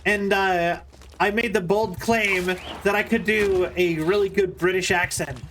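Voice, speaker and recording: A man's voice: high voice, fairly even intonation, measured pace, fairly bright tone, a little hiss or hum. A man streaming and chatting casually while he plays, telling rambling, self-deprecating stories with stammering restarts. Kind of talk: casual chat while gaming.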